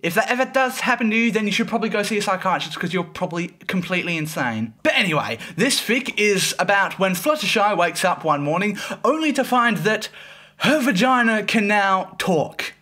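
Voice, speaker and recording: High, lively giggling young man. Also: brisk. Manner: giggly, keeps breaking into laughter; swears casually, rambling restarts. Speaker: fanfic review host. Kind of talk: casual video review.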